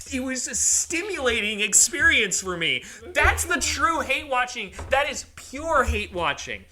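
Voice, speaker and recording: A man co-hosting a casual podcast, getting worked up and repeating himself for emphasis. His voice is bright and forceful. A faint hiss and clicks sit underneath. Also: extremely high pitch, very animated, moderate pace, hardly any pauses. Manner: emphatic, ranting, repeats words. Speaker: podcast co-host.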